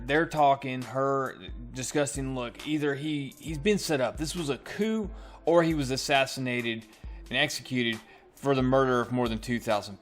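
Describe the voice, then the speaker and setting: A man's voice: mid-range voice, a bit bright. A man casually recapping a comic book's plot in a chatty, storytelling way, as a reviewer.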